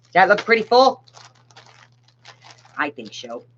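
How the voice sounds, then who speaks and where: A woman's voice: medium pitch, very animated, unhurried, fairly bright tone. A woman with a sore throat chatting casually with viewers while packing bags for her craft shop, laughing often. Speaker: craft shop owner and vlogger. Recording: dull lo-fi sound with faint hiss.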